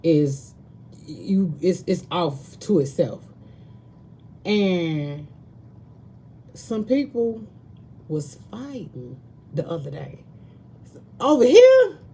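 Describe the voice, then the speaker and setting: A woman reads tarot cards on a live stream and talks to her viewers as a chatty, slangy host. Her voice sits a little low and she takes her time, drawing out words at an unhurried pace. There is a faint hiss behind her voice. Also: lively intonation, dark tone. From Southern United States. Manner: chatty, slangy, addresses viewers as baby and girl. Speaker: tarot reader. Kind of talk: casual live-stream chat.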